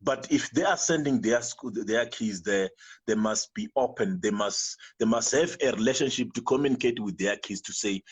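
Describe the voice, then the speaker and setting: With a lowish, slightly breathy voice at normal speed, this Zimbabwean guest shares a moving personal account. Venda is his native tongue and his English carries a Zimbabwean accent; his delivery is earnest and repetitive, full of restarts.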